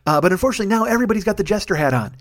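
A man in his forties rants like a stand-up comic, his voice sitting a bit high for a man. He tears through his points at a rapid clip, swearing freely and punching certain lines harder than others. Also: animated. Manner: profane, fast ranting with bursts of raised intensity. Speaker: comedian podcast host. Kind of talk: solo comedic rant.

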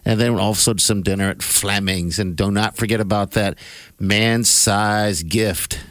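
A man's voice: on the low side, fairly even intonation, a little slow, fairly bright tone, no room sound. A man hosting a morning radio show, chatting casually and laughing often.

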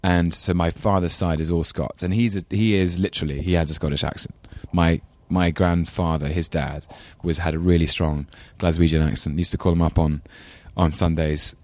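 A man's voice: deep voice, steady tone, normal speed, few pauses, a little mellow, dry recording. A man with a London English accent, chatting as an interview guest, thoughtful and rambling, with self-deprecating laughs. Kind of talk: casual interview chat.

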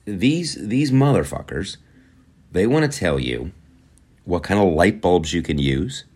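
Low-voiced sarcastic political commentator man. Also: sing-song, measured pace, a little mellow. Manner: sarcastic, profane, mocks opponents in put-on voices. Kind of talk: casual profane political commentary.

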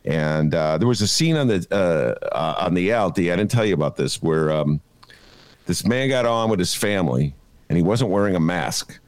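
Low-voiced guy hosting a chatty podcast, rambly, lots of ums, pitch jumping all over. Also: normal speed, smooth, no room sound. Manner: rambling, animated storyteller with many fillers. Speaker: podcast host. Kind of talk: casual news chat. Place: apartment.

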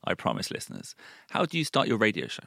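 A man's voice: lowish voice, huge pitch swings, quick pace, vocal fry, pushed and bright, dry recording, studio quality. A man from London with a London accent, co-hosting a podcast in a joking, teasing casual chat. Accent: London English. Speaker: podcast co-host.

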